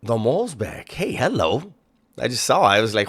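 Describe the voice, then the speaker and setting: A man's voice: medium pitch, very animated, normal speed, breathy edge. Sarcastic, profane reaction host man. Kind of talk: casual commentary.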